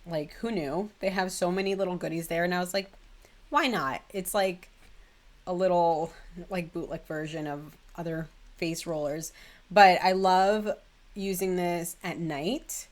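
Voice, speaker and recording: Casting note: young woman beauty vlogger, a bit lower in pitch, chatty, gushing, loose delivery. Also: fairly even intonation, measured pace. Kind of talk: casual chat.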